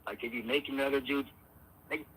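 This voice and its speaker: A man's voice: mid-range voice, steady tone, fast, a bit bright, husky, low-quality recording. A laid-back man from California chatting casually and asking follow-up questions. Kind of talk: casual chat.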